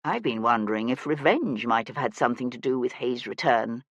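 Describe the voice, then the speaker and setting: Narrator doing a calm wry lord detective, even and dry, close dead sound. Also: male voice, mid-range voice, normal speed, vocal fry, no room sound, muffled recording, pitched below the performer's own voice. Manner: calm, even, dryly ironic. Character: cool, wry aristocratic male detective. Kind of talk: audiobook character voice.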